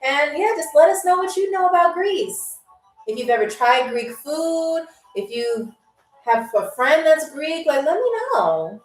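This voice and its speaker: A woman's voice: sits high, lively intonation, a little slow, echoey room, distant mic, faint music behind, rough recording. A woman from New York hosting a live-stream game show, chatty and playful as she answers viewers' comments.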